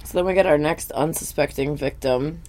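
A podcast host in casual chat who recaps a cartoon bluntly and swears a lot. The voice sits in a middle range and keeps the talk animated. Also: mid-range voice, brisk, slight background noise.

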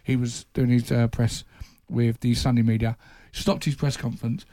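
A man's voice: medium pitch, level tone, normal speed, dark tone, no echo. A man, a football journalist, telling anecdotes in casual chat and laughing at his own impressions.

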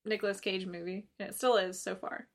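A young woman co-hosting a casual podcast, laughing often and retelling scenes with animated, swearing energy. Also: medium pitch, brisk. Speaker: podcast co-host. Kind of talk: casual chat.

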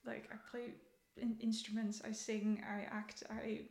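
A woman's voice: fairly high pitch, little pitch movement, measured pace, creaky, darkish tone. A young woman, a podcast guest, talking casually and thoughtfully, often repeating herself and laughing easily. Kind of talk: casual chat. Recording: echoey room.

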